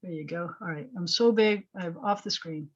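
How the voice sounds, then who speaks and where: A woman's voice: fairly low pitch, moderate pace, slight background noise. A woman rabbi teaching a Hebrew lesson online, explaining patiently and asking her students questions. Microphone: video call. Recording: slightly dull video-call audio.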